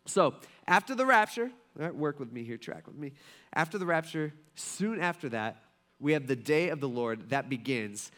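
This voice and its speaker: A man's voice: medium pitch, moderate pace, a bit bright. A man in his thirties, a pastor, preaching a casual, conversational sermon full of folksy stories and asides. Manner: chatty, folksy storytelling with many fillers and asides.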